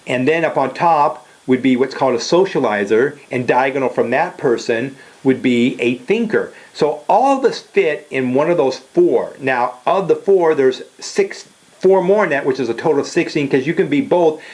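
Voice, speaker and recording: A man's voice: mid-range voice, lively intonation, moderate pace, a little mellow. Man, older, motivational speaker, casual talk, direct, plainspoken. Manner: direct, repeats "okay?" and "you know".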